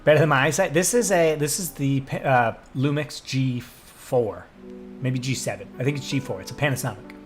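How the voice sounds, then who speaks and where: A man's voice: medium pitch, normal speed, soft background music. A young man streaming live, chatting loosely with viewers and answering their comments, with lots of fillers and restarts. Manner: rambling, many fillers and restarts. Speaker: livestreamer. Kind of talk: casual livestream chat reading comments.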